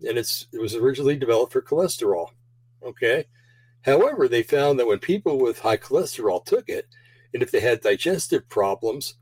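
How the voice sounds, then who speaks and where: A man's voice: medium pitch, darkish tone, dry recording, poor audio. A man hosting a show in a casual, rambling monologue, full of fillers and restarts, and slightly out of breath. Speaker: show host.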